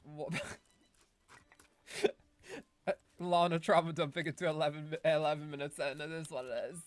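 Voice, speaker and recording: A woman's voice: low voice, fairly even intonation, normal speed, no room sound. A woman streamer giving casual, rambling gameplay commentary, often correcting herself and laughing.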